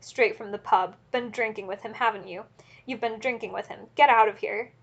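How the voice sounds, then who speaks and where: A woman's voice: medium pitch, normal speed, creaky, husky, highs cut off. A woman reading aloud, voicing a feverish, furious mother who screams accusations at her drunk husband. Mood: despairing rage.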